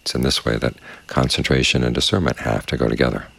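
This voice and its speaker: A man giving a dharma talk as meditation teacher, speaking in a calm, measured, unhurried way. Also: very deep voice, creaky. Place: quiet meditation space with crickets outside.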